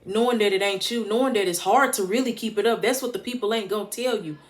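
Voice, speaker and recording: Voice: mid-range voice, quick pace. A motivational vlogger speaking straight to the camera in a heartfelt, preachy way, often repeating points for emphasis. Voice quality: emphatic, preachy, casual street-smart phrasing.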